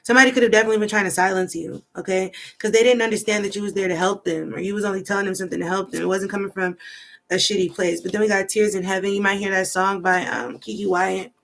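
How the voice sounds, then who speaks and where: A woman's voice: mid-range voice, steady tone, quick pace, gravelly, a bit bright. A woman giving a rambling, chatty tarot card reading, thinking aloud as she goes. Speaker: tarot reader.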